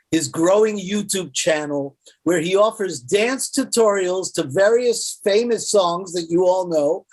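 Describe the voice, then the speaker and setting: A man hosting an online interview, introducing his guest with lots of enthusiasm and cheering. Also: sits high. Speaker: host.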